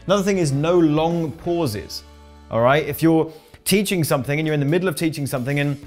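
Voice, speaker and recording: An energetic male coach giving a to-camera lesson on video ads, his voice pitched a little high. He keeps pressing his points home with quick tag questions. Soft guitar music plays faintly underneath. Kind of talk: instructional talk to camera.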